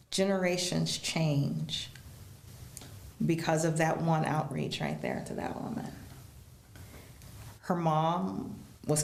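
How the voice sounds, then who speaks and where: Low gravelly woman telling a story. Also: roomy sound. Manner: animated storyteller, acts out quoted voices. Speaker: guest. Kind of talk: storytelling in a casual interview.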